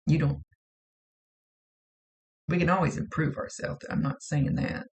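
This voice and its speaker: Gravelly-voiced woman psychic medium. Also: sits low, steady tone, a little slow, darkish tone. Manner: chatty, self-deprecating, repeats herself. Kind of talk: casual spirit reading.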